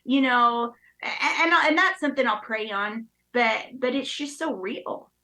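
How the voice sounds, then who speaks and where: A woman's voice: a little high, measured pace, bright, forceful tone, poor audio. A woman in her thirties speaking candidly and emotionally in casual chat, with many fillers. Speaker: guest.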